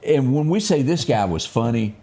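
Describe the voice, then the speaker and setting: A man in his fifties hosts a casual talk show in a joking, folksy manner. His pitch swings widely as he riffs on old movies and TV. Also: expressive, normal speed, gravelly, warm tone, slightly rough. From Mississippi. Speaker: host. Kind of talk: casual radio chat.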